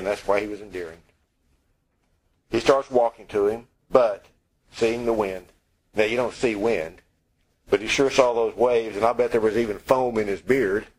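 Husky-voiced male preacher, conversational sermon. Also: medium pitch, rough recording. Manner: conversational, wry, acts out quoted lines.

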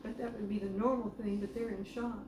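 A woman's voice: mid-range voice, flat delivery, fairly quick, dark tone. A woman in a Bible study group, making thoughtful remarks in casual discussion. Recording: distant voice, echoey room, noise.

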